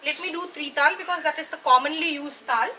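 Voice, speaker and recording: Female dance teacher, clear high voice, patient and explanatory, faint room noise. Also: fairly quick, sharp tone. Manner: patient, checks in with "right?" and "okay?". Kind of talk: explanatory lesson.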